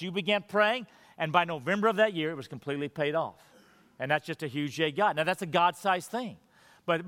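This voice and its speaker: A man preaching a sermon emphatically, sinking to quiet, intense low tones on key points. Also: long reverb tail. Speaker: pastor.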